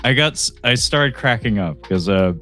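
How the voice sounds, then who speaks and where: A man's voice: mid-range voice, moderate pace, faint music behind. A man hosting a film podcast, chatting casually, rambling and breaking into laughter. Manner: rambling, laughing, animated impressions. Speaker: podcast host. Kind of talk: casual chat.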